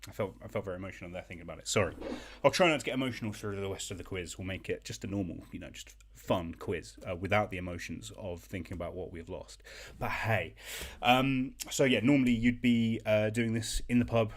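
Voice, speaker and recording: Chatty low-voiced man hosting a quiz. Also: a little fast, hardly any pauses. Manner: chatty and self-deprecating, with many hesitations. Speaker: quiz host. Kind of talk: casual online quiz hosting. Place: at home.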